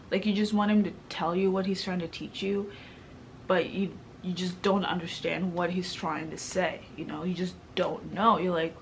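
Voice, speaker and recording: A woman's voice: on the low side, level tone, measured pace, a little hiss or hum. A young woman from Kenya talking through her struggles with faith in a personal vlog, emotional and questioning, with many fillers. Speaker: vlogger.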